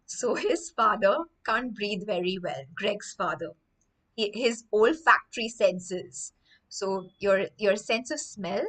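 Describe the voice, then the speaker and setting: A woman teacher reading a story aloud to children, stopping often to explain words with animated, emphatic delivery. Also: mid-range voice, low-quality recording.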